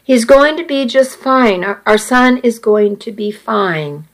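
A woman's voice: a little high, expressive. A woman reading a worried young father. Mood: anxious. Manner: halting, choked-up pleading. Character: worried grown man, a father. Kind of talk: audiobook character reading.

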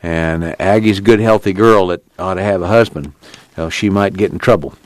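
This is a humble, worried farmer father, earnest and pleading in a plain rural dialect, as a man reads him. The voice is low and close. The sound is dry. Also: normal speed, no room sound, close to an everyday voice.

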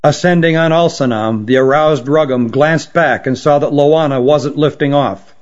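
A man narrating an audiobook story at a steady, even storytelling pace. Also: fairly high pitch, moderate pace. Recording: dull lo-fi recording.

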